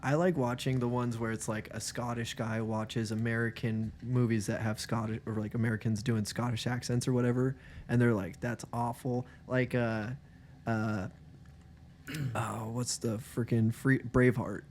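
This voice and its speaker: A man's voice: mid-range voice, little pitch movement, moderate pace, darkish tone, a little hiss or hum. A man co-hosting a podcast in laid-back, joking casual chat. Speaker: podcast co-host.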